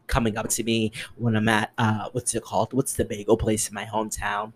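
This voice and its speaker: A young man hosts his own podcast and rants alone at the mic. His pitch leaps up and down in a very lively way. He sounds exasperated and sarcastic, swears freely, and swings between loud outbursts and muttered asides. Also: fairly quick, hardly any pauses. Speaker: podcast host. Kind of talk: solo podcast rant.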